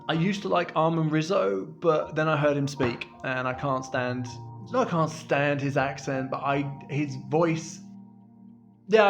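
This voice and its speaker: A middle-aged man from the UK chatting casually to camera as a vlogger, self-deprecating and laughing often. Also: a little high.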